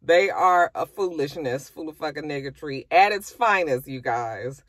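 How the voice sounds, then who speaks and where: A woman casually recapping a reality show, chatty, profane and animated. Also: normal speed, dry recording. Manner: animated, profane, chatty, swings into high acted quotes.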